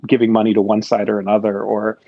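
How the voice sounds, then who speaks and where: An American man talks through politics in a low, gravelly voice, with a husky edge. He rambles, restarting his thoughts with many fillers. The sound is dull and lo-fi. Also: completely flat delivery, fast, dry recording. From United States. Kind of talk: casual political chat.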